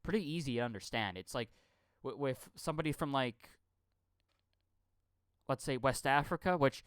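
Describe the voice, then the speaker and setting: A man's voice: mid-range voice, animated, moderate pace, a bit bright, clean tone, dry recording. A man rambling through a profane live-stream rant, stammering and repeating his words. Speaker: channel host.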